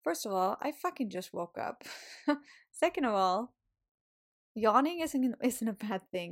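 Casual woman podcast host, pep-talk monologue, salty language, mid pitch. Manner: swears often, laughs, animated and encouraging.

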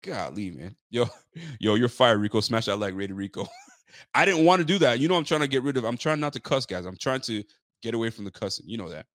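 Profane, fired-up sports podcast host. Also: male voice, mid-range voice, fast talker, no room sound, studio quality. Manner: profane, animated rant with slang. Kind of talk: casual ranting commentary.

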